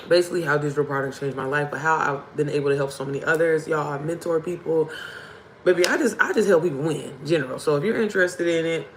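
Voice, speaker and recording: A young woman with a hoarse voice, hosting a casual livestream and chatting directly to her viewers. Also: deep voice, a little hiss or hum, low-quality recording. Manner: chatty, addresses viewers as y'all and baby. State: hoarse from screaming. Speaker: livestream host.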